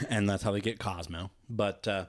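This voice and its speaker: A man's voice: on the low side, fairly even intonation, moderate pace. A man co-hosting a podcast, recapping animatedly in casual chat, laughing often and swearing casually. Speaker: podcast co-host.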